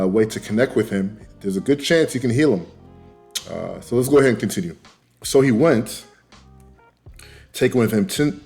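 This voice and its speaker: Male host, fairly low voice, relaxed scripture study, reads then paraphrases, faint music bed. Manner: reads passages aloud, then paraphrases them in loose slang with many fillers. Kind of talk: casual scripture reading and commentary.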